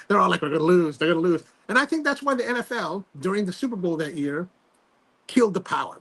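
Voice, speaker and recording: Host, male, husky and a bit high-pitched, chatty and animated, lots of restarts. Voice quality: gravelly, husky voice. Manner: animated storytelling with many fillers and restarts. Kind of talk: casual chat on a livestream.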